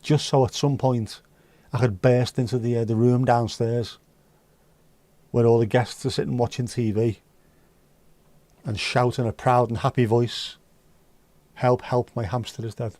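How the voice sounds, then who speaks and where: A man's voice: mid-range voice, steady tone, unhurried, dark tone, no room sound. A man hosting a livestream, chatting casually and reading out viewer comments with rambling, dry joking asides. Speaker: livestream host.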